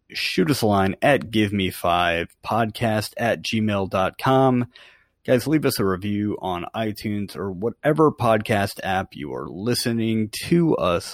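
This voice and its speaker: A relaxed man hosting a podcast and reading its outro. His voice sits somewhat low, and the recording is dry with no room sound. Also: dry recording. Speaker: podcast host. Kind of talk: casual chat, reading show outro.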